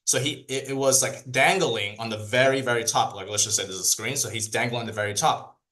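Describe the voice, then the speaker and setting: Man, team trainer, motivational talk, casual, rambling, mid-pitched voice. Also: a little fast, pushed and bright. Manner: casual, rambling, many fillers and restarts.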